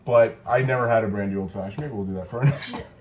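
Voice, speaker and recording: A man's voice: fairly low pitch, quick pace, darkish tone, a little hiss or hum. A man chatting casually while he demonstrates a cocktail at home, joking and correcting himself as he goes. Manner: rambling, joking, self-correcting. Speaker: cocktail video co-host.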